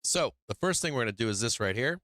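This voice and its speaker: A man's voice: mid-range voice, lively intonation, quick pace, fairly bright tone, no room sound. A man hosting a stock market stream, talking through charts in a brash, profane, hyped-up way and speaking straight to his viewers. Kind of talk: casual live chart commentary.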